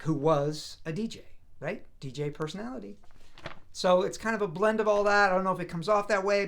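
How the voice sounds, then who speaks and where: Relaxed rambling man in his fifties. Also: a little high. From US East Coast. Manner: relaxed, rambling, self-deprecating. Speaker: voice actor guest. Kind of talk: casual remote interview. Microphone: video call.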